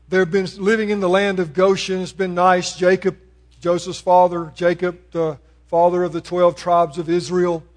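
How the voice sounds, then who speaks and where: A man preaching a sermon, swinging between loud proclamation and hushed, pleading appeals. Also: high voice.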